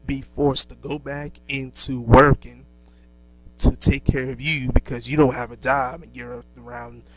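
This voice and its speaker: A man's voice: medium pitch, flat delivery, a little slow, fairly bright tone, soft background music, rough recording. A man lecturing in a preachy monologue, asking rhetorical questions and answering them himself, with many fillers and restarts. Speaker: speaker lecturing young black men.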